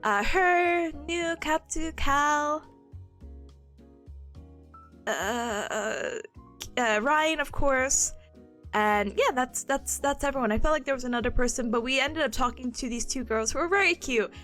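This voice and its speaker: A woman's voice: high voice, a little slow, a bit bright, soft background music. A woman chatting casually on a study live stream. She laughs often and breaks into squeals. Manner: giggly, bursts into laughter and squeals.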